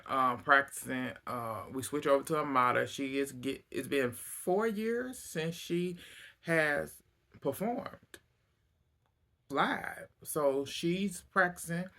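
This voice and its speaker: Male recapper, bright and lively, loose gossipy storytelling. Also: mid-range voice. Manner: animated storytelling, acts out cast quotes, laughs often. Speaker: reality TV recapper. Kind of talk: casual recap.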